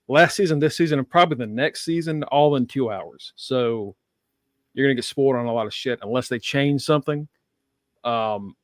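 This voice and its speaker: A man's voice: medium pitch, no room sound, studio quality. A man hosting a casual TV review chat, cursing and laughing often as he talks. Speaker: podcast host.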